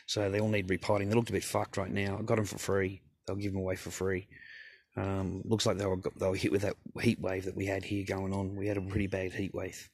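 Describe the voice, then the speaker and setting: A man's voice: deep voice, completely flat delivery, fairly quick, darkish tone, slightly rough. A man talking to camera in his garage, in a blunt, rambling rant full of swearing. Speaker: vlogger. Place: home garage.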